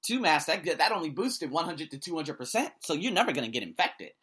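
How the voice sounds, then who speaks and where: A man who hosts an ESL podcast, ranting to camera with blunt profanity. He swings between loud outbursts and low muttering. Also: sing-song, brisk. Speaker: vlogger and ESL podcast host. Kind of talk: angry opinion rant to camera.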